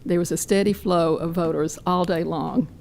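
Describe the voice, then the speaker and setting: A hoarse woman giving a detailed, measured public comment at a podium mic in a county meeting room. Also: fairly low pitch, steady tone, a little mellow, slight background noise.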